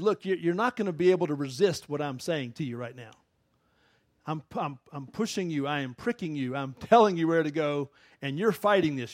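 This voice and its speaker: A man's voice: a little high, no room sound. A middle-aged male pastor preaching in a conversational way, laughing often and acting out the quotes he tells. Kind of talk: sermon.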